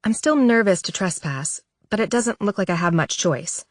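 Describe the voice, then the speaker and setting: A woman reads a first-person novel in a measured, soft and reflective way. Her voice sits at an ordinary middle pitch. The close studio recording is dry, with no room sound. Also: expressive, no echo. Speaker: audiobook narrator. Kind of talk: scripted first-person audiobook narration.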